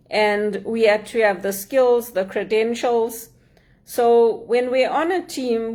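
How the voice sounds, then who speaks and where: A woman's voice: fairly high pitch, a little mellow. Earnest middle-aged Zimbabwean woman. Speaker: motivational speaker and mentor. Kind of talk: motivational talk.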